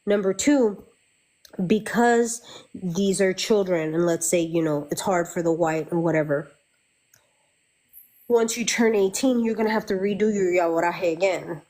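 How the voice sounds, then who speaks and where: A woman's voice: lowish voice, a little slow, a little mellow. A middle-aged woman, a Santeria practitioner, chatting candidly and swearing freely as she tells her stories. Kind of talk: casual chat.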